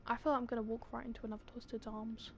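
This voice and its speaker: Young British woman, high voice, exasperated gaming streamer, light background hiss. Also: level tone, rapid-fire, gravelly. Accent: British English. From Britain. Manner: chatty, exasperated, pleading with game characters. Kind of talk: gaming commentary.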